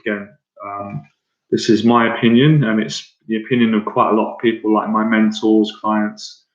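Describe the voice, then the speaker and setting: A rambling, excitable Irish man in his thirties talks to his livestream viewers as their confidence coach, full of fillers and restarts. His voice sits fairly low. The sound is dull and lo-fi, in an echoey room. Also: normal speed. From Ireland. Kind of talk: casual livestream talk to viewers.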